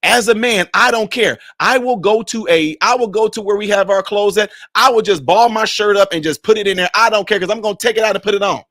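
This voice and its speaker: A man hosts his own vlog from a basement man cave. He speaks a little above the usual male pitch and tells stories in an animated, chatty way. The room sounds dry with the mic close. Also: brisk, hardly any pauses, dry recording. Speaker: vlogger, channel host. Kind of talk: casual vlog talk to viewers.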